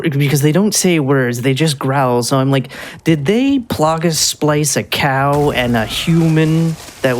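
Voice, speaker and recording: A speedrunner giving casual live commentary on their own run, rambling a little with frequent ums and restarts. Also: mid-range voice.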